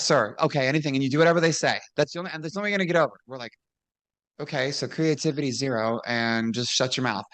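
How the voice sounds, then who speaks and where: A woman who used to wrestle professionally, chatting casually as a guest. She tells stories frankly, laughs often and acts out quoted dialogue. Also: low voice. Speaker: guest, former pro wrestler. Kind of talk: casual chat, storytelling.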